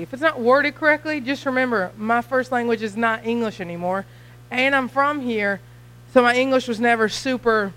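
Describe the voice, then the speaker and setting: A young woman with a Kentucky accent giving a church mission talk, chatty and nervous, talking fast. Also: on the high side, a bit bright, poor audio. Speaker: missionary guest speaker.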